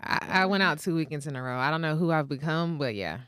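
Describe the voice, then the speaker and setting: Fast-talking woman co-host with a slight rasp. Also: deep voice, fairly bright tone, no room sound, studio quality. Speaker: podcast co-host. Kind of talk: casual chat.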